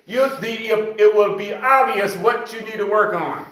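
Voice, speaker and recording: A man with a bright, fairly high voice leads a seniors' exercise class, counting reps out loud and coaxing the group along. He sounds far from the mic, and the room around him echoes. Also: steady tone, a little fast. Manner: counts reps aloud, coaxing with frequent "okay?". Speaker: senior fitness instructor. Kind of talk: live exercise class instruction.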